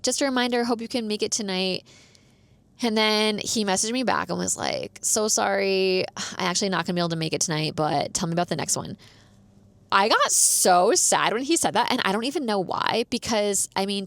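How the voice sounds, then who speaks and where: Podcast host, young woman, chatty storyteller with a gravelly low voice, dry close sound. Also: dry recording. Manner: chatty, says "like" a lot, laughs often. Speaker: podcast host and dance teacher. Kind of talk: casual storytelling.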